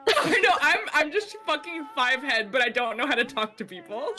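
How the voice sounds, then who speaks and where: Bright, giggly high-voiced woman player. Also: unhurried, faint music behind. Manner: giggly, animated. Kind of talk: casual chat.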